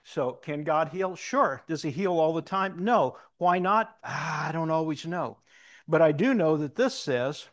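Male pastor, middle-aged, sermon, personal stories, swings from loud to hushed. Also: fairly high pitch, expressive, a little slow. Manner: storytelling, shifts between loud emphasis and quiet reflection.

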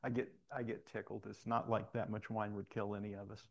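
A man's voice: on the low side, flat delivery, a little fast, creaky, highs cut off. A man preaching in a church, talking in a folksy, conversational way and telling personal stories. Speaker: pastor. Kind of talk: sermon. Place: church sanctuary.

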